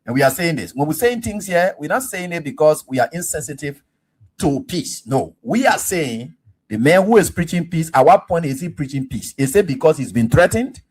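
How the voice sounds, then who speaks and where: A man hosting a call-in radio show, talking fast and pushy. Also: fairly high pitch, expressive, darkish tone, husky. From Liberia.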